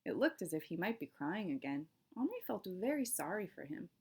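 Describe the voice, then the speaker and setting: Low, gravelly woman teacher reading aloud. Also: brisk. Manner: steady storytelling with classroom asides. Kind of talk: reading a novel aloud to a class.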